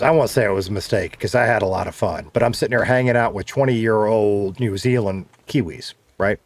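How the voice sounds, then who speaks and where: A man's voice: on the low side, gravelly, no echo. A man, chatting casually on a game livestream and reading viewer comments aloud. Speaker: streamer host.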